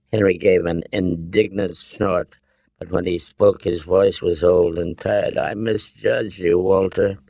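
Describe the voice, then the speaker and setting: A male audiobook narrator reading with slow, deliberate care in a lowish voice. The recording is dry and close, with no room around it. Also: a little mellow, no room sound, dull audio. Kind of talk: scripted narration.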